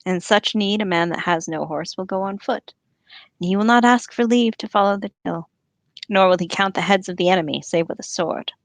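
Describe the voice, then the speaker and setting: A woman reading the lines of a stern, proud male warrior king in a solemn, slow, dramatic voice. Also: medium pitch, no room sound, natural voice.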